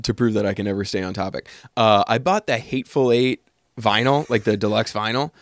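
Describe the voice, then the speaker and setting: A man's voice: fairly low pitch, brisk, no echo, studio quality. A man co-hosting a podcast from a home attic, chatting casually, rambling off on tangents and laughing often. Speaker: podcast co-host. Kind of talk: casual chat.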